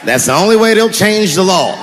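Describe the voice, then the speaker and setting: A man doing stand-up comedy before a live audience, deadpan and profane, with drawn-out punchlines. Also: high-pitched. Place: stage in a large hall before a live audience. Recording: echoey hall, crowd noise. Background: audience laughter and murmur.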